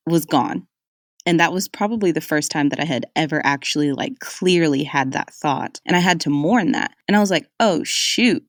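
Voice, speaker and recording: A woman's voice: low voice, dry recording, clean studio sound. A young woman hosting a podcast, telling a personal story in a candid, conversational way and speaking straight to her listeners. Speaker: podcast host.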